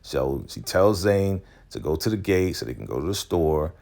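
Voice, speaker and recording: A man recapping a TV episode in a casual, slangy, chatty way, often acting out the characters' lines in quick quoted voices. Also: low voice, animated, creaky, a little mellow. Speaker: TV recap host.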